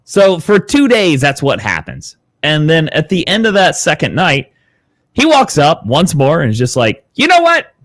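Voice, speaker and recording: A man, a guest on a podcast, telling a story casually, animated and swearing freely. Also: on the high side, moderate pace, no echo, clean studio sound. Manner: animated, swears freely, acts out quoted dialogue. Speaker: podcast guest, content creator.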